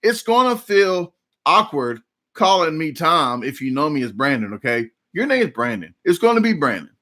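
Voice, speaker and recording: A man's voice: fairly high pitch, very animated, normal speed, sharp tone. A man in his forties with a Southern US accent, hosting a casual live chat and telling rambling, jokey stories. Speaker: livestream host.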